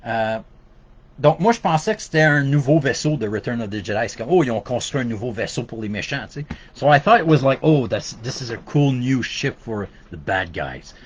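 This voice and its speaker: A man's voice: mid-range voice, lo-fi sound. A man with a Québécois French accent, hosting a casual podcast and talking loosely with many fillers and restarts. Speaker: podcast host. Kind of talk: casual bilingual podcast chat.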